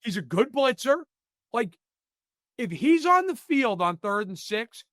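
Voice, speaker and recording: A man's voice: extremely high pitch, expressive, measured pace, a bit bright, no echo, studio quality. A man giving blunt, opinionated football analysis in a casual podcast chat. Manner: emphatic, opinionated, many "like" fillers.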